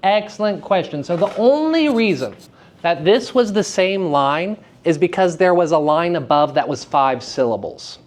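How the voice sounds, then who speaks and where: A man teaching verse speaking to high school students in a live lecture, with a playful and teasing manner. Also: animated, normal speed. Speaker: drama teacher giving a lecture. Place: school room at a theater festival.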